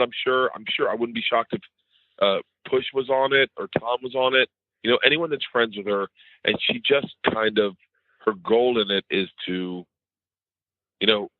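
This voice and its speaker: Rambling comedian on a tinny line. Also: male voice, fairly low pitch, dry recording. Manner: rambling, animated storyteller who mimics others in conversation. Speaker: comedian guest. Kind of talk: casual interview storytelling. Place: at home.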